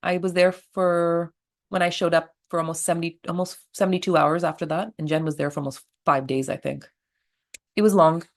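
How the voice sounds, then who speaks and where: A middle-aged woman, a birth attendant, telling stories in a blunt, animated interview style and swearing freely. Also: fairly low pitch, brisk. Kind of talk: candid storytelling interview.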